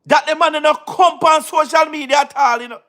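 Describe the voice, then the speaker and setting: A man's voice: extremely high pitch, normal speed, sharp tone. A man with a Jamaican accent giving casual commentary, mocking and laughing often as he repeats his phrases. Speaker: online political commentator.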